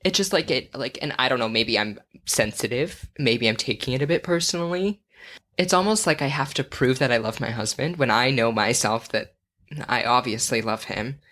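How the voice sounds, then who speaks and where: A woman co-hosting a podcast in casual chat, candid and quick to laugh, with many filler words. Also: a bass voice, a bit bright. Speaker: podcast co-host.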